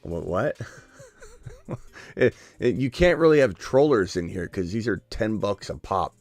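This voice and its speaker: A man hosting a live stream, joking and excitable as he talks through his picks, sometimes dropping to a hushed whisper. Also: lowish voice, unhurried, soft background music. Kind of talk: casual live-stream commentary.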